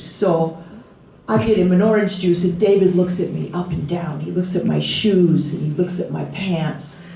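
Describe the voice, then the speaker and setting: A woman's voice: on the low side, steady tone, measured pace, vocal fry, mellow, slight background noise. A middle-aged woman, an author at a book launch, telling stories on stage with frequent laughter. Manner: laughing, chatty storyteller. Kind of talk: storytelling talk on stage. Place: music venue before a live crowd. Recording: echoey room from far off.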